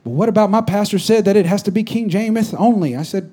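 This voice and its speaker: A man preaching a conversational sermon as a pastor to a congregation, swinging from loud exhortation to quiet asides. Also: sits high, fast talker, breathy edge. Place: church stage before a congregation.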